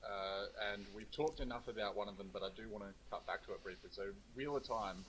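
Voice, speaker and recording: Low-voiced young man, hesitant chat. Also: fairly quick, fairly bright tone, slight background noise, poor audio. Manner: hesitant, lots of ums and uhs. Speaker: co-author. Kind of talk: casual chat. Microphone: video call.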